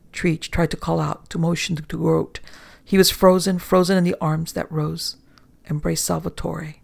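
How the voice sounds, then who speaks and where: Gravelly man reading a horror tale. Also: on the high side. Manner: sinks to hushed whispers for suspense. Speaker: narrator. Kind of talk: dramatic horror story reading.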